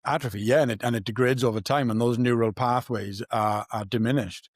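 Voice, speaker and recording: A man's voice: mid-range voice, fairly even intonation, fairly quick, no room sound, studio quality. A man hosting a podcast, talking in an earnest, reflective way and thinking aloud in casual conversation. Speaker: podcast host.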